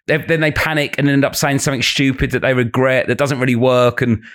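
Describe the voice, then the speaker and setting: A man with a London accent chats as a guest comedian. He talks quickly, with a medium-pitched voice. He tells animated stories and acts out heckles by jumping into higher, louder voices. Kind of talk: casual podcast chat.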